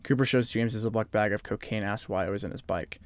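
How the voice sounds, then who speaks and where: A man's voice: fairly low pitch, fast, dry recording. A man co-hosting a casual chat, recapping a TV episode scene by scene and riffing on it with friends. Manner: animated, recaps plot then riffs. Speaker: podcast co-host.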